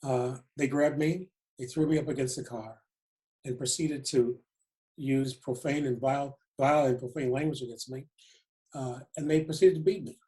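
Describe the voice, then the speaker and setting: A man in his seventies from Detroit, a retired police chief giving a lecture, telling a personal story deliberately and reflectively, often repeating words for emphasis. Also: mid-range voice, fairly even intonation, warm tone, rough recording. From Detroit, USA.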